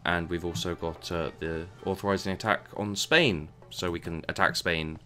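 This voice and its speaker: With a low, steady voice that carries a bright, forceful tone, this man rambles casually as he plays and reviews a game, talking at normal speed. He keeps tripping over and repeating words and mutters asides along the way.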